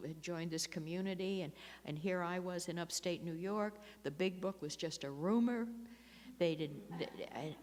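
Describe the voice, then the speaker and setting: An older woman speaking at a recovery meeting, chatty and self-mocking, with many laughs and restarts. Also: low-pitched. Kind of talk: personal recovery talk. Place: meeting hall. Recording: long echo of a hall.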